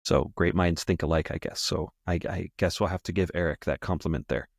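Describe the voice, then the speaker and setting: Rambling low-voiced man telling a story. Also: fairly even intonation, a little fast, vocal fry, no room sound, studio quality. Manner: rambling, repeats himself, self-correcting. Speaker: podcast host. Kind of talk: casual personal storytelling.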